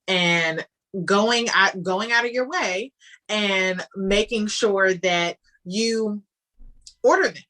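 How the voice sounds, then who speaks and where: A woman answering interview questions in a chatty, animated way, with frequent fillers along the way. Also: medium pitch. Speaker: guest, wine business founder.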